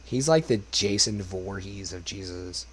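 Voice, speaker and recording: This young karaoke streamer talks casually with his chat between songs, wandering from topic to topic and cursing often. His smoke-roughened voice is low and measured, with slight background noise.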